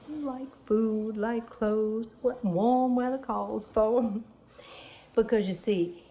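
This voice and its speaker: A chatty Southern belle mother. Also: high voice. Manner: genteel, talkative, laughs often. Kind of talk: film drama acting.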